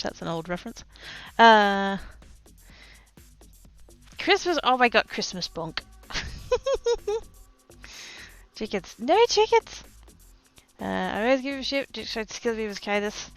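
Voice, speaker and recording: A woman chatting casually with her viewers on a livestream from home, playful and silly, breaking into sudden high squeals as she reads and answers chat. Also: normal speed, pauses often, fairly bright tone, no echo, soft background music.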